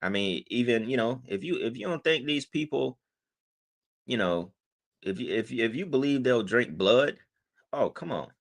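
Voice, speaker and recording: A man's voice: medium pitch, lively intonation, normal speed, creaky. A man hosting his channel, speaking, casually reacting to a clip and talking straight to viewers with lots of fillers. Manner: conversational, addresses viewers, filler-heavy. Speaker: channel host.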